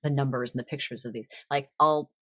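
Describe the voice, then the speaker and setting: A woman's voice: very deep voice, steady tone, quick pace, slightly rough, no echo, clean studio sound. A woman hosting a casual chat podcast, giggly and laughing often between sentences. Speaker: podcast host.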